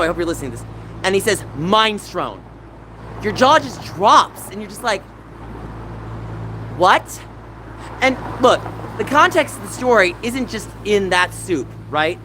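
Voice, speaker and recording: A man hosting a casual livestream from outdoors, chatting back to viewers and rambling between stories. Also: high voice. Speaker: livestream host. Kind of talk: casual chat with live chat. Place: outdoors on a city street. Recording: noisy outdoor street recording.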